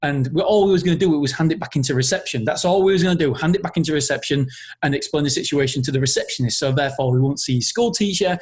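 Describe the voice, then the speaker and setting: A man hosting a podcast, talking through a personal story in an earnest, emotional way. His voice sits a bit high with a husky edge, and he often stops and restarts his sentences. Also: very fast, a little mellow. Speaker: podcast host.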